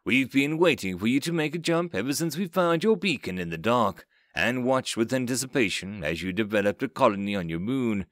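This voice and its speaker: A man's voice: mid-range voice, animated, no echo, studio quality, lightly acted. A man voicing a robotic-sounding recorded greeting message that speaks formally and evenly in an audiobook reading. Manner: formal, measured.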